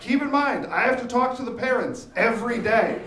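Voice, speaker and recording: A young man performing an animated stand-up comedy set on a theater stage, jumping into high squeaky voices for the people he quotes. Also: brisk, crowd noise. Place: theater stage, live audience. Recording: echoey theater from far off.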